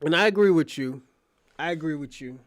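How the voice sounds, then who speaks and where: A man's voice: fairly high pitch, brisk, dry recording. A man hosting a livestream, reacting to clips in blunt, profane casual talk.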